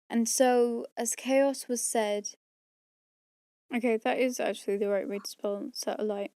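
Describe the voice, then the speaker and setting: A woman's voice: a little high, fairly even intonation, measured pace, warm tone, dry recording. Tired woman rambling between takes. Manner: tired, rambling, self-mocking. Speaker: audiobook reader recording outtakes. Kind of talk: casual outtake chatter. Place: home room.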